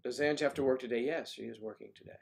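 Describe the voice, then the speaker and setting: A man's voice: medium pitch, quick pace, creaky. A man hosting a casual morning livestream, chatting playfully and reading out viewer comments. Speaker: livestream host.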